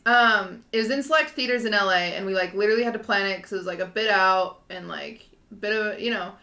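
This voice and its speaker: A young woman in her twenties tells a story on a casual podcast, rambling in an animated way and full of fillers. Her voice is bright and clear, at a middle pitch. The room around her sounds echoey. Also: quick pace. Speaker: podcast co-host. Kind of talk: casual chat.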